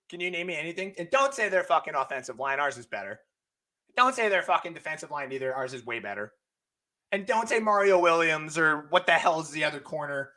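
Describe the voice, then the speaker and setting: Loud ranting young man, bright tone. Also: a little high. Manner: loud, profane, ranting, often shouting. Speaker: host. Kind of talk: live-stream sports rant.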